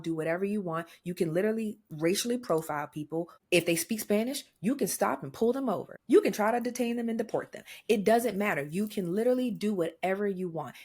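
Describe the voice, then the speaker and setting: A young adult woman co-hosting a podcast, talking in blunt, profane, animated rants in casual chat. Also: medium pitch, slightly rough. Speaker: podcast co-host.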